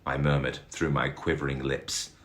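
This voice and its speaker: A man reading a rhyming story aloud in a dramatic, animated way, chuckling along with it. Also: a bass voice, moderate pace.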